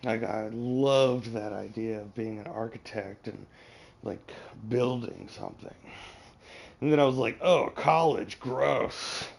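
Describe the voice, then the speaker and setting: Streamer: gravelly guy, rambling, swears a lot, loose casual chat. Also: fairly low pitch, fairly even intonation, measured pace, a little mellow. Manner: profane, rambling, advice-giving. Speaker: game streamer.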